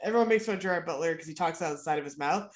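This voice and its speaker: A woman's voice: deep voice, racing. A woman from Michigan with a Midwestern accent talks through a stuffy, congested nose. Her voice is nasal, and she chats casually as a co-host, dropping dry asides. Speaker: podcast co-host. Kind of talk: casual chat.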